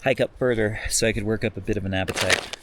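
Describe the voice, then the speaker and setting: A man's voice: on the low side, fairly even intonation, quick pace, heavy background noise. A man chatting casually to the camera on an outdoor hike, self-deprecating and a bit tired. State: tired after long hike. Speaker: vlogger. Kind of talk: casual hiking vlog. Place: outdoors on a desert hiking trail.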